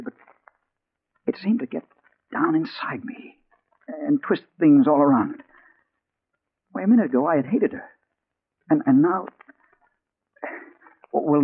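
A man's voice: mid-range voice, slightly rough. A man playing a hard-boiled male crime reporter in a 1940s radio drama, narrating and talking in an urgent, anxious way. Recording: tinny old 1940s radio broadcast.

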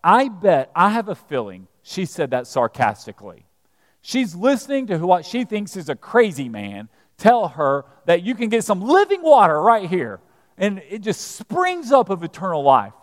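A man's voice: sits high, wildly swooping pitch, moderate pace. A man preaching a sermon in a conversational, storytelling way. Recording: reverberant church hall.

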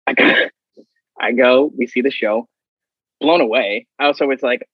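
A man with a husky, slightly breathy voice tells stories casually and acts out other people's lines with energy. The sound is dry and close, in a dull, slightly muffled recording. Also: medium pitch, measured pace, no echo. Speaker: guest. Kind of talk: casual storytelling.

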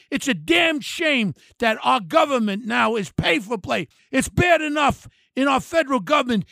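An older man, ranting angrily and mockingly about politics on his podcast, shouting in bursts. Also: extremely high pitch, creaky, dry recording, clean studio sound. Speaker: podcast host. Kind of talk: angry political rant.

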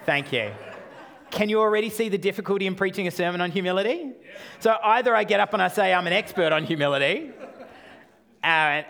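An Australian man in his thirties preaching a sermon with self-deprecating humor, swinging between loud and quiet delivery. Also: high-pitched, creaky. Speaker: pastor.

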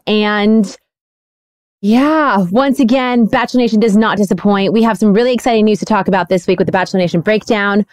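A woman's voice: medium pitch, a little fast, no echo, clean studio sound. A young woman hosting a casual podcast, bubbly and teasing as she chats with her co-hosts. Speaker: podcast host.

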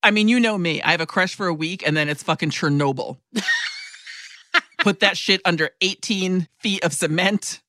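Woman cohost cracking jokes and laughing, bright, dry studio sound. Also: fairly low pitch, normal speed, no room sound. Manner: playful, laughs a lot, gives joking advice. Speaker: podcast co-host. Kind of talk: casual chat.

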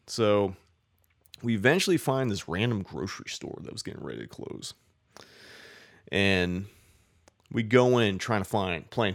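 Gravelly-voiced man telling a rambling story. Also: fairly low pitch, animated, unhurried, long pauses. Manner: rambling, profane, many "like" fillers. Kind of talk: casual storytelling.

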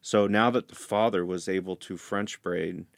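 A man's voice: low-pitched, steady tone, normal speed, vocal fry, no echo, studio quality. A man telling an earnest, emotional story as an interview guest who teaches dads to do hair. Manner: earnest, emotional, laughs softly.

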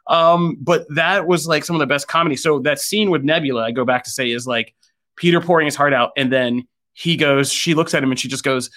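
A man's voice: medium pitch, fairly quick. A man co-hosting a podcast, chatting casually and retelling scenes with acted-out quotes. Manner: animated storyteller, acts out quoted lines. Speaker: podcast co-host. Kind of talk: casual podcast review chat.

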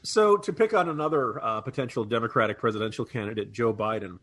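His mid-range voice is expressive, brisk and fairly bright, captured without any room sound. He's a political commentator co-hosting a talk podcast, keeping the chat casual and wry while laughing at his own jokes.

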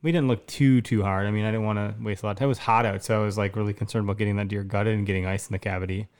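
A man in his thirties from Wisconsin, co-hosting a podcast and telling an excited story in casual chat, with lots of restarts. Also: lowish voice, racing, clean tone. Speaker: podcast co-host.

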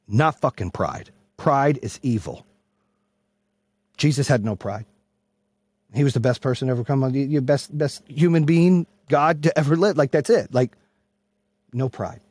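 A man hosting a podcast who gives a loud, blunt, profane motivational speech, yelling to fire up his listeners. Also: medium pitch, breathy edge, no room sound. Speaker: podcast host and business coach.

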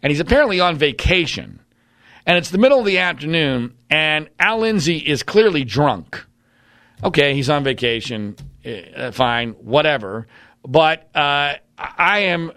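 A man's voice: on the high side, sharp tone, no echo, studio quality. A man giving an emphatic, combative monologue with blunt opinions. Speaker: commentator.

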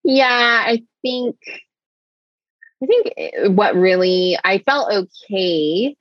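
A woman telling a personal story in conversation, rushing along with many fillers. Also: mid-range voice, animated, no echo, highs cut off. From United States. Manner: tumbling, filler-heavy storytelling with many likes. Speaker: interview guest.

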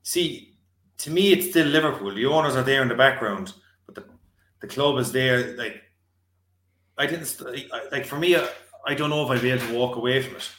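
A man's voice: medium pitch, fairly quick, fairly bright tone. A man on a football podcast, speaking hesitantly with many fillers. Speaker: podcast co-host. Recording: echoey room.

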